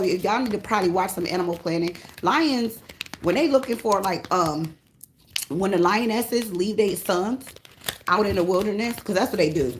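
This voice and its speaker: A woman giving a casual tarot reading, blunt and profane, with an animated delivery. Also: lowish voice, a little hiss or hum. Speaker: tarot reader. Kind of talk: casual spiritual reading monologue.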